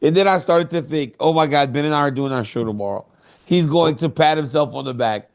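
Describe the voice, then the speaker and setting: A man's voice: a little high, fairly quick. A man co-hosting a podcast, teasing and incredulous in casual chat. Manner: teasing, incredulous, says bro a lot. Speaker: podcast co-host.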